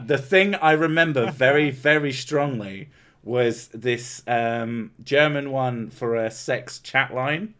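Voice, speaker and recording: A man's voice: mid-range voice, fairly bright tone. An English man hosting a livestream, chatting casually, swearing and joking with frequent laughs. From England. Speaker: livestream host. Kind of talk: casual chat.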